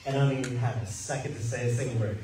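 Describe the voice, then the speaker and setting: An American man telling his conversion story as a personal testimony, animated and acting out the dialogue with frequent laughs. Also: mid-range voice, very fast, a little hiss or hum. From United States. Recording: very echoey room, far from mic.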